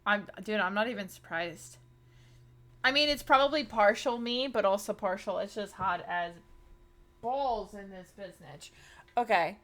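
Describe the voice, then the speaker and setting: A woman streamer chatting casually with her viewers, excitable and talkative, loudly greeting people in chat. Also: medium pitch, normal speed. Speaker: streamer host.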